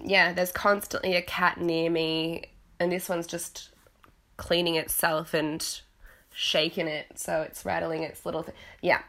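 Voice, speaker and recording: A woman's voice: lowish voice, pushed and bright. A woman recapping a reality show at home, talking in a frank, chatty way and swearing casually. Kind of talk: casual chat. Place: home with cats nearby.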